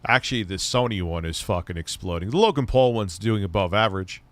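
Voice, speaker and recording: Casting: male streamer, lowish pitch, blunt sarcastic ranting, swears freely, a little stoned. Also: brisk, dry recording. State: stoned, voice lower than usual. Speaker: streamer and tech commentator. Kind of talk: casual profane live-stream chat.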